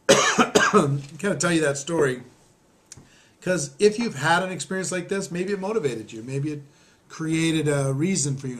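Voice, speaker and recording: A man's voice: on the high side, fairly bright tone. Rambling man telling a story. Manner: rambling, self-deprecating, many fillers and restarts; clears his throat often. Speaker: network marketing trainer. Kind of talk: storytelling lesson.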